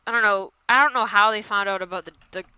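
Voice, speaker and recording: Young woman, podcast co-host, slightly tipsy rambler; bright, dry close sound. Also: mid-range voice, fast talker, clear, resonant tone, no room sound, low-quality recording. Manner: rambling, trails off into mumbles. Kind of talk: casual chat, recapping an episode.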